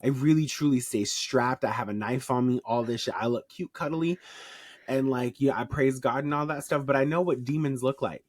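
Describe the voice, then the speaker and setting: A podcast co-host with a Southern US twang, talking in blunt, emphatic, profane bursts with quick asides. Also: medium pitch, darkish tone, no room sound, studio quality. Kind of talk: casual podcast chat.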